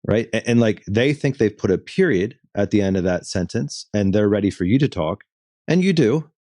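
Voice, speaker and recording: A man's voice: lowish voice, animated, normal speed, mellow, no echo, clean studio sound. A man hosting an interview podcast, explaining ideas at length and asking long questions. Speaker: podcast host.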